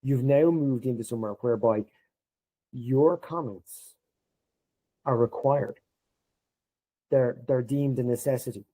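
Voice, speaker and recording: This low-quality recording captures a middle-aged man with a medium-pitched voice, a guest on a podcast recounting job stories in relaxed talk. Animated throughout, he performs the quoted lines in a heightened voice.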